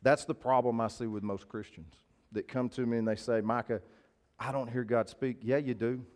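A man's voice: mid-range voice, steady tone, moderate pace, darkish tone. A male preacher, giving a sermon in a casual, folksy way and often asking his listeners to agree. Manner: conversational, folksy, asks the crowd to agree.

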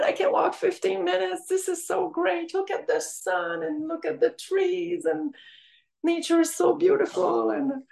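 Slow, soft-spoken woman. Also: fairly high pitch. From French Canada. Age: 50s. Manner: reflective, trailing into breathy half-whispers. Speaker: podcast guest. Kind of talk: personal recovery story. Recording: echoey room.

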